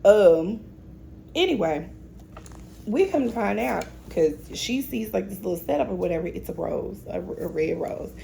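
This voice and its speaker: A woman's voice: mid-range voice, expressive, moderate pace, creaky, warm tone, a little hiss or hum. A woman recapping a TV episode in a casual, opinionated way, often talking straight to the characters. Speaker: TV recap host.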